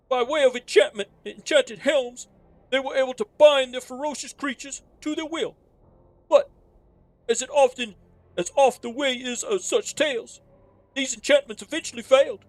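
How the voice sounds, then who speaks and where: A woman voices a courteous middle-aged male innkeeper in a game on stream, her high-pitched, darkish voice only a little above her everyday one, with no echo. She speaks at a moderate pace with frequent pauses, in a put-on New Jersey wise-guy accent and formal, old-fashioned, courtly speech.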